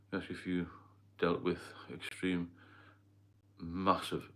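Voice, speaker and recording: Speaking in a low, monotone voice at a slightly slow pace, a middle-aged man hosts a laid-back livestream, rambling as he responds to viewers. He's from Northeast England, with an accent blending Geordie and London.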